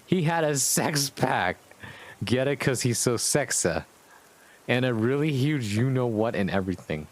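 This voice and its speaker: A man's voice: mid-range voice, animated, measured pace. A young man streaming a comic read-through of a fan story, breaking off with sarcastic, laughing asides. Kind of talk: comic live-stream reading with commentary.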